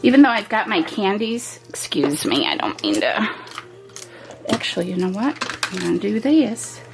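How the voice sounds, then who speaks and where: A woman's voice: medium pitch, very animated, moderate pace, music in the background, low-quality recording. A woman hosting a home craft video, talking through a stamping project step by step with chatty, homey asides. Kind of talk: casual step-by-step craft demo.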